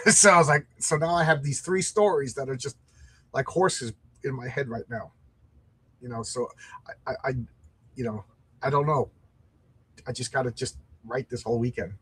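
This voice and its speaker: A man's voice: medium pitch, fairly bright tone, breathy edge. A middle-aged man hosting a comic book show, chatting casually and rambling in a self-deprecating way. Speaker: comic podcast host.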